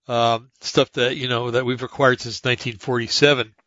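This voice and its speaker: A man's voice: mid-range voice, level tone, normal speed, fairly bright tone, no room sound. Man, podcast host, rambling monologue, muffled lo-fi sound, dry room. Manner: rambling, many fillers and restarts. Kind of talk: casual monologue reading articles aloud.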